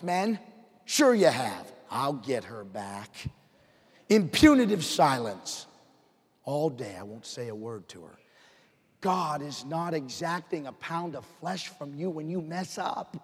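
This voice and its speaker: A male pastor preaching in a church, his slightly husky voice trailing off into a long hall reverb. He swings between quiet, confiding stretches and bursts of fired-up emphasis. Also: a little high. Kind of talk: sermon. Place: church sanctuary.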